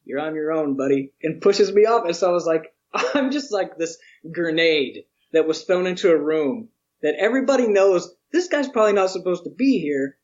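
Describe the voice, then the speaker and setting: Man, highish voice, chatty guest who acts out quotes; slightly muffled audio. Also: normal speed. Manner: animated storyteller, acts out quotes, laughs often. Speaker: interview guest, museum educator. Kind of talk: casual storytelling interview.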